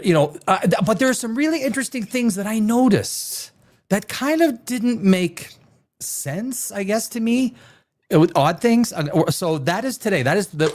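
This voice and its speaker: Rambling, jokey man on a live stream. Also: fairly high pitch. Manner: rambling, jokey, many fillers and restarts. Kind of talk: casual live stream chat. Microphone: desk microphone.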